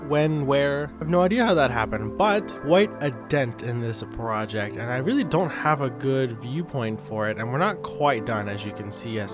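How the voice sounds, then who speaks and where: A man giving casual, rambling commentary while playing a building game, often correcting himself and getting sidetracked. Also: medium pitch. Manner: rambling, self-correcting, easily distracted. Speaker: gaming YouTuber. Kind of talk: casual let's-play commentary. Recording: background music.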